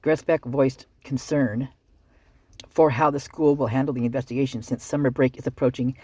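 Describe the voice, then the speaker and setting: A fired-up solo commentator rants through a news story with sarcastic asides. The voice is husky and a little breathy, sitting at a middling pitch. It is recorded dry, close to the mic. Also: fairly even intonation, normal speed, a little mellow, dry recording. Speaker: true-crime commentary channel host. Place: at home, with outdoor work nearby.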